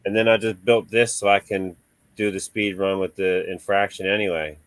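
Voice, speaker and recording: A man's voice: deep voice, little pitch movement, normal speed, dry recording. A man in casual chat about remote-control cars, laid-back and chatty, laughing often.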